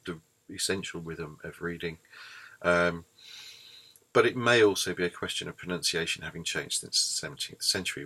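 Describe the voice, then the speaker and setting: A man's voice: low voice, pushed and bright. A man giving a screencast lecture on poetry, thoughtful and explanatory, with frequent ums and restarts. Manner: hesitant, many ums and restarts.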